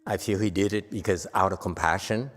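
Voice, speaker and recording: A man's voice: low voice, steady tone, fairly quick, a bit bright. A man giving a Buddhist dharma lecture in a temple hall, talking to the audience in a teasing, conversational way and asking them questions. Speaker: Buddhist teacher.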